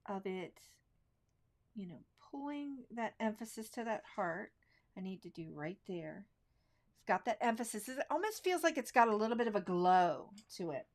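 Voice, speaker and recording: A woman leads a live card-making demonstration in a relaxed, chatty way. She takes her time, stretching out her phrases as she works. Her voice sits at an ordinary pitch. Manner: relaxed, chatty, thinks aloud while working; slow, drawn-out phrasing.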